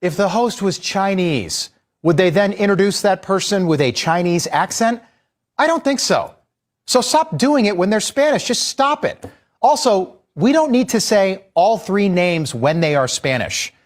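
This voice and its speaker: A man's voice: high-pitched, lively intonation, normal speed. A man giving an exasperated, emphatic opinion monologue as a TV news host.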